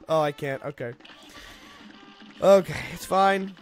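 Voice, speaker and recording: A young man with a high-pitched voice talks his way through a video game in a casual, rambling commentary. He cracks jokes and suddenly yelps loudly when things go wrong, with faint game music underneath. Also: drawn-out words, long pauses. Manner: jokey, rambling, sudden loud outbursts at failures. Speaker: let's play host.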